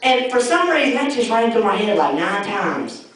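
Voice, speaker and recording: A man's voice: high-pitched, moderate pace, slight background noise. A young man doing a stand-up set, telling stories with lots of laughter and acted-out voices. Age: young adult. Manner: animated storytelling, acts out voices, laughs often. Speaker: stand-up comedian. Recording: echoey hall, mic heard from far off.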